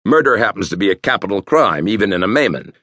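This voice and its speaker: A man's voice: lowish voice, sing-song, fast, bright, forceful tone, husky, dry recording, pitched above the performer's own voice, heavily acted. Brief: hard-edged detective chief, barking orders, read by a male narrator, dry close sound. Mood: harsh. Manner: harsh, commanding.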